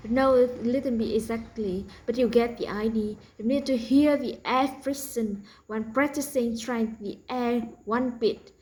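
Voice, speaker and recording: A woman with a Vietnamese accent teaching a pronunciation lesson, slowly repeating practice words for learners. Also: on the high side, a little mellow, low-quality recording.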